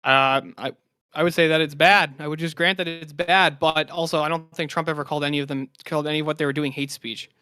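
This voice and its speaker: A man's voice: on the high side, fairly even intonation, quick pace, bright, forceful tone, smooth, dry recording, clean studio sound. A man on a streamed panel, arguing his points in casual debate and often restarting his sentences. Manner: hesitant, restarts before making his point. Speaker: panel guest.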